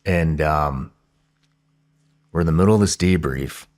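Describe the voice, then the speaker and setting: A man telling a story in a podcast interview in a casual, profane, excitable way, often restarting his sentences. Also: extremely low pitch, measured pace.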